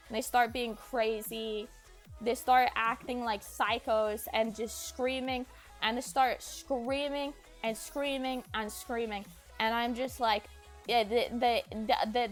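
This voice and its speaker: A woman streamer telling a personal story in a rambling way, with lots of "like" and frequent restarts. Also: fairly high pitch.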